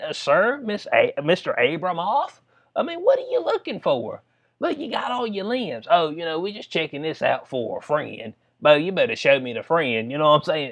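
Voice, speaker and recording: A man talks in a casual, joking vlog style. His voice sits a bit high for a man. He reads lines from a news story, then breaks off to riff and laugh about it. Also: lo-fi sound. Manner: reads news aloud, then jokes and riffs with frequent laughs. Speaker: commentary vlogger.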